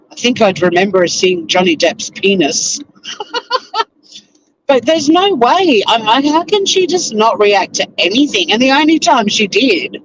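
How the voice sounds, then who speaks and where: A man's voice: high voice, a bit bright, poor audio. A Tasmanian man with an Australian accent, chatting casually on a live stream as he drives to work, rambling with lots of fillers. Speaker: YouTuber reacting live while driving to work. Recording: faint car road noise.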